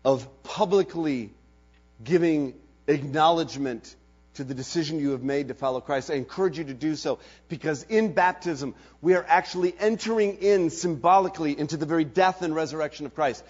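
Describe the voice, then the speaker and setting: A man preaching a sermon and telling a story dramatically, swinging between loud and hushed delivery. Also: a little high, a little fast. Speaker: pastor. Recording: dull lo-fi recording.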